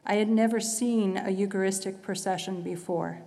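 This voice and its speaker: Woman, medium pitch, sincere reflective testimony, reverberant hall. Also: fairly even intonation, normal speed, warm tone. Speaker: testimony speaker. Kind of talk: personal faith testimony.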